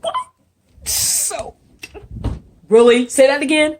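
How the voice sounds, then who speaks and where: Animated, swearing woman telling a story. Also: fairly low pitch, brisk, slight background noise. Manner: animated, profane, incredulous storytelling. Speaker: vlogger. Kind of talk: storytime vlog.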